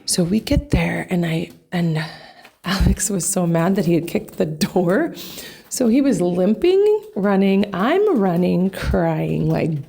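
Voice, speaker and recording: Gravelly, slow-talking woman telling a story. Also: lowish voice. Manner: animated, rambling, many fillers. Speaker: family vlogger. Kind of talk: casual storytelling to camera.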